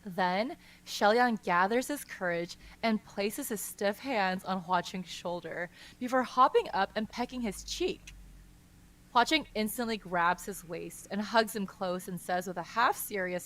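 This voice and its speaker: A woman's voice: medium pitch, measured pace, a bit bright. A woman co-hosting a podcast, gushing and swearing as she chats and reads aloud. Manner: gushing, swears a lot, squeals and laughs. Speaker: podcast co-host. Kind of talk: casual chat and reading aloud.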